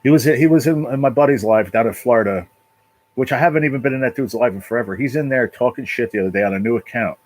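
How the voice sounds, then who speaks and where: A man hosting his own livestream from his apartment, talking casually and emotionally in a halting, repetitive way with a lot of swearing. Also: mid-range voice, darkish tone, poor audio. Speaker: livestream channel host. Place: apartment at home.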